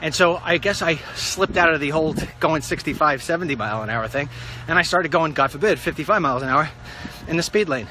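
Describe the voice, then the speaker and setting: A middle-aged man telling a rambling story in a casual vlog, wry and animated. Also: on the high side, fairly quick, few pauses, noisy background. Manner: wry, animated, puts on silly voices for quotes. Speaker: vlogger.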